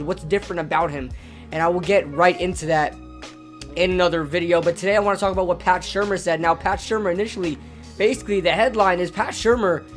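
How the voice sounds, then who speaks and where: A man with a hoarse, strained voice, ranting casually about his football team as a sports vlogger, often repeating himself as he gets fired up. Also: high voice. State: hoarse from yelling at a game.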